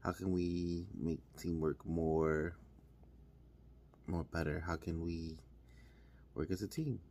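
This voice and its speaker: A man's voice: deep voice, fairly even intonation, slow, dark tone. A man talking casually and repetitively, encouraging listeners to work as a team. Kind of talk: motivational monologue.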